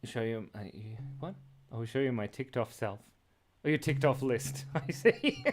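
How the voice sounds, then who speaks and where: A man's voice: mid-range voice, animated, moderate pace. A man hosting a live drawing stream, chatting casually and playfully while he sketches. He rambles, jokes with the chat and laughs often.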